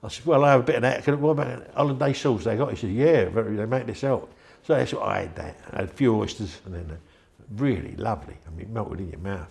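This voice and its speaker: A man's voice: lowish voice, quick pace, vocal fry, few pauses, darkish tone. An older man, telling a rambling, chatty story in an interview and acting out the voices of the people in it. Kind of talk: anecdotal storytelling.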